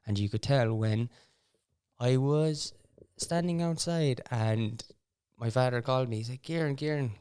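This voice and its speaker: A man's voice: mid-range voice, unhurried, darkish tone, smooth. A young Irish man hosting a podcast, telling stories in a rambling, casual way with wry asides and frequent restarts. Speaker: podcast host. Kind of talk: casual storytelling chat.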